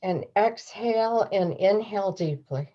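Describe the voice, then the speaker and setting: A woman leading a closing grounding meditation, giving calm, slow instructions over a video call. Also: mid-range voice. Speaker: guided grounding leader. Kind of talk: guided meditation. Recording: dull lo-fi video call audio.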